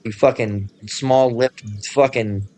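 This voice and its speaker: A man's voice: mid-range voice, steady tone, slow pace, darkish tone, lightly acted. A man mimicking a sarcastic, passive-aggressive woman manager with dismissive fake agreement, in his own voice. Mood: mocking.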